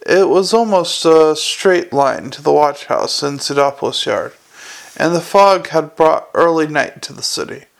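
A man narrating a story in an audiobook reading, measured and even. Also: fairly high pitch, gravelly.

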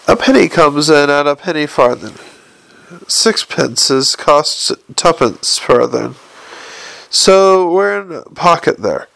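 A patient old foreman with a gravelly, working-class way of speaking, put on by a male audiobook reader. He lays everything out slowly, as if explaining to a child, in a dry, close recording. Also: a little high, a bit bright, no room sound, heavily acted. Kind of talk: audiobook character voice.

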